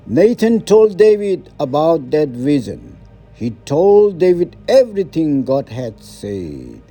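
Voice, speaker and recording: A man giving a slow, plain, measured scripture reading. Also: fairly high pitch, wildly swooping pitch, warm tone, faint music behind. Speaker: scripture reader.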